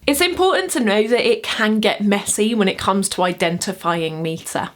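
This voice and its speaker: Chatty woman teaching poetry. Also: mid-range voice. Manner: chatty and expressive, chants rhythms aloud. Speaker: poetry teacher and video host. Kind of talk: casual explainer lesson.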